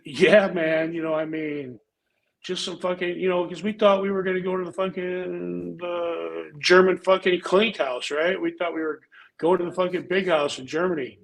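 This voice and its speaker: An older man tells a rambling story thick with swearing, his voice sitting a little high for a man. He talks in a loose, laid-back way, like a former pro wrestler chatting with friends. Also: fairly even intonation, moderate pace, creaky, low-quality recording. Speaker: pro wrestler and show regular. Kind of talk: casual storytelling chat.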